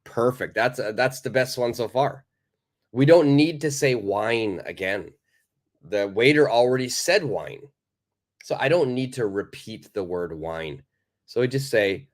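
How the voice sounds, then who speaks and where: Slow, patient male English teacher. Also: mid-range voice, lively intonation. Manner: patient, encouraging, reads out viewers' answers and praises them. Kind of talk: live online English lesson.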